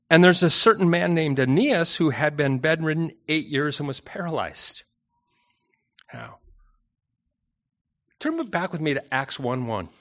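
Slightly high-voiced man teaching a sermon. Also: fairly bright tone, lo-fi sound. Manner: conversational, anecdotal, addresses the congregation directly. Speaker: pastor. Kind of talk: expository Bible teaching sermon.

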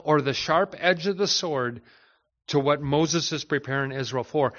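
A man's voice: a little high, fairly bright tone, lo-fi sound. A man teaching a Bible study as a pastor, talking in a conversational way with frequent restarts and repeated words.

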